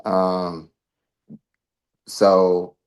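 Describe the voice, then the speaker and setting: Low-voiced guy on a stream panel, kinda hesitant, lots of ums. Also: monotone, very slow, darkish tone, clear, resonant tone. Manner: hesitant, many fillers. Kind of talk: casual chat.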